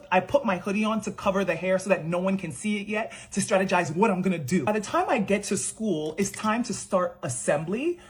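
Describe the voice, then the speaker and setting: A young woman telling an animated storytime vlog, acting out the people she quotes. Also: medium pitch, husky. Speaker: beauty creator.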